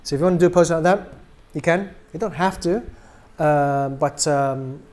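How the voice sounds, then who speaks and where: A man's voice: a little high, normal speed. Chatty man demonstrating a doll, many ums. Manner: relaxed and chatty, many ums, trails off quietly at ends of phrases. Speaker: doll maker demonstrating a product. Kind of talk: casual product demonstration.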